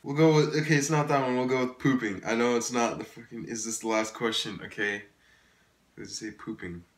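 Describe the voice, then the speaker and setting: A man's voice: mid-range voice, fairly even intonation, brisk, roomy sound, slight background noise. A man giving casual gameplay commentary, exasperated, swearing often and laughing at himself. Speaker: gaming YouTuber.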